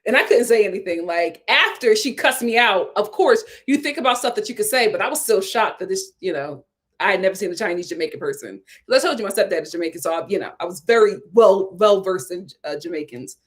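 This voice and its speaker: An American woman hosting a casual commentary show, reading viewer comments and telling stories in an animated, chatty way. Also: medium pitch, fast. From United States. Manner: animated, storytelling. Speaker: host.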